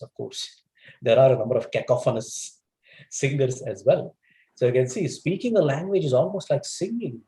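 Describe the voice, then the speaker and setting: A man lectures to a webinar audience in a mid-range voice. His delivery is animated, with wide swings in pitch and frequent fillers. The room around him rings with noticeable echo. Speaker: guest speaker on English communication.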